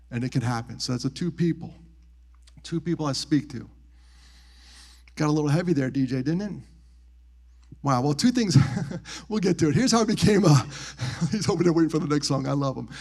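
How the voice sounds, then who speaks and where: A man giving a live talk as a motivational speaker, telling personal stories with animated, acted-out quotes and quiet, softened moments. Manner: animated, acts out quoted voices with big pitch jumps; drops to soft, quiet tones on grief. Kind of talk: live storytelling talk on suicide prevention. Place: military base venue.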